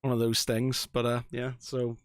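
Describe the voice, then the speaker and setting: A man's voice: medium pitch, normal speed, clean tone, no room sound, clean studio sound. A man in his thirties from Northern Ireland with a Northern Irish accent, co-hosting a podcast and telling stories in a rambling, chatty way full of fillers. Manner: rambling storyteller, lots of fillers and animated asides. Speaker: podcast co-host. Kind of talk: casual chat.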